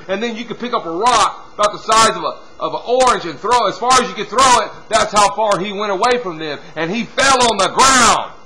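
A man preaching a sermon, dropping from loud appeals to hushed, quiet passages and punctuating with "see?" and "hallelujah". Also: sits high, rough recording. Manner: swings from loud exhortation to hushed near-whispers.

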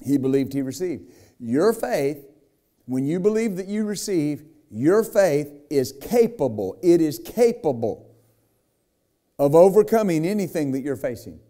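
Preaching as pastor, this man has a slightly high, sing-song voice with a warm tone and an unhurried delivery. He retells a scripture story, acting out the quotes and peppering his emphatic asides to the congregation with "right?" and "amen?"

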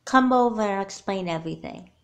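A woman's voice: mid-range voice, fast talker, creaky, natural voice. Naomi, a guarded girl doll voiced by a woman. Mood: earnest. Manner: guarded, blunt, earnest. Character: wary, stubborn young girl doll haunted by nightmares. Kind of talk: homemade doll movie voice acting.

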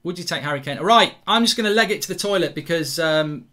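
An English man hosting a live football watchalong, reacting excitably and swearing freely at the match. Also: on the high side, fast. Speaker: YouTube football host.

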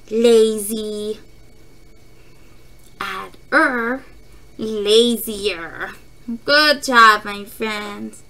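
Slow, lively-voiced kindergarten teacher. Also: female voice, a little high. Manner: slow, deliberate, repeats words for children to echo. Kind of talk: phonics lesson for young children.

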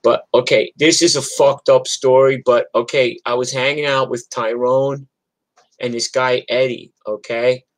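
A man's voice: mid-range voice, little pitch movement, a little slow, no echo, rough recording. Profane rambling New York storyteller man. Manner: rambling, profane, chatty with restarts. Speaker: musician telling stories on a livestream. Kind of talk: casual storytelling.

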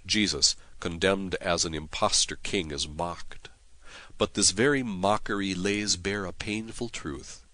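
Slow, deep-voiced priest reading prayers. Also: male voice, pushed and bright, no room sound. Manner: solemn, measured reading with Latin chant-like prayers. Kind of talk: devotional reading of prayers and scripture.

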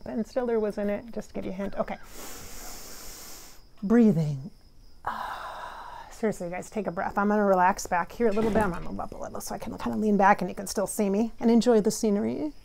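Woman medium, guided meditation, soft unhurried delivery, mid-pitched voice. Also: fairly even intonation, vocal fry, a little hiss or hum. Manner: soft, unhurried and dreamy, trailing off. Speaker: spiritual medium.

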